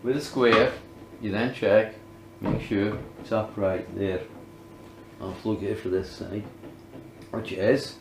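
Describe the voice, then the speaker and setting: A man's voice: lowish voice, steady tone, slow, creaky, long pauses, echoey room, background noise. A man filming a casual woodworking demonstration, talking himself through each step and often muttering under his breath. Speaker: DIY woodworking vlogger.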